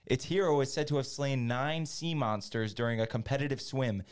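A man hosting a casual podcast who reads trivia questions aloud at an even pace. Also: medium pitch, moderate pace, clear, resonant tone. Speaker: quiz host reading trivia questions.

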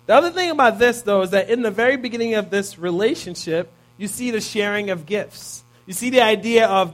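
Thirties male preacher, high voice, relaxed and chatty, keeps asking the room "right?". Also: brisk, few pauses. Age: 30s. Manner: casual, peppers points with "right?". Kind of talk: conversational sermon.

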